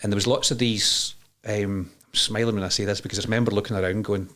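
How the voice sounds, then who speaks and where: A Scottish man in his forties, a podcast guest telling his story candidly, animated and quick to laugh, with plenty of restarts and some swearing. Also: fairly low pitch.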